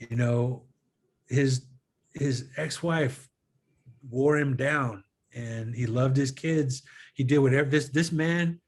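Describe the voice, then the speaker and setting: A man in a relaxed conversation retells a friend's story, switching into quoted dialogue as he goes. His voice sits at a middle pitch and his delivery is earnest and animated. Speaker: guest filmmaker. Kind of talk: casual storytelling interview.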